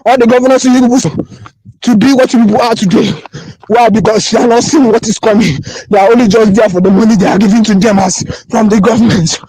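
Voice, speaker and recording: High-voiced Nigerian man pleading repetitively. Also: fairly even intonation, fast, mellow, slightly rough, no room sound, rough recording. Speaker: voice-note sender. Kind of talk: impassioned phone voice note. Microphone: phone voice recording.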